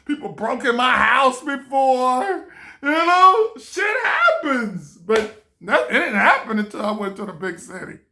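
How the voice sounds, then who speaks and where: A young man from a small town telling a story to camera in casual chat, animated and laughing as he acts out the people in it. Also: very high-pitched. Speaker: vlogger.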